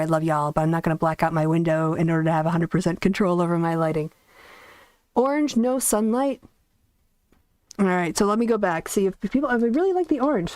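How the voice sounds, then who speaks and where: A woman's voice: medium pitch, a little mellow, no echo. Host: chatty, rambling woman in a dry, soundproofed bedroom. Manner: chatty, rambling, laughs often. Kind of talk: casual livestream chat. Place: bedroom, sitting on bed. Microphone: soundproofed desk mic.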